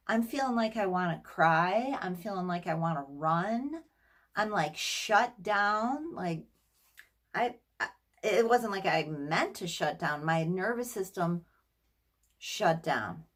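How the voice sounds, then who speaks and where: A middle-aged woman telling a personal story to her audience in a casual, animated way, acting out what others said and laughing now and then. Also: mid-range voice. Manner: animated, acts out quotes, laughs often. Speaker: therapist sharing a personal story.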